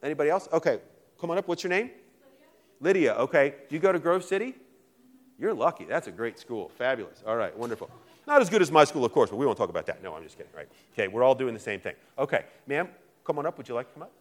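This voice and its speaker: A man's voice: medium pitch, animated. A middle-aged man from Virginia, a literature professor who jokes and teases while picking volunteers from an audience. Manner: fast, joking, teasing. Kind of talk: lively classroom talk to an audience.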